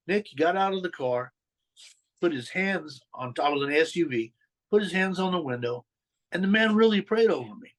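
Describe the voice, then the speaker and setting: A middle-aged man with a somewhat high, animated voice tells a podcast host about his past, speaking at a moderate pace. He's candid, uses blunt street slang, swears freely, and slips into the voices of people he quotes, all on a rough recording.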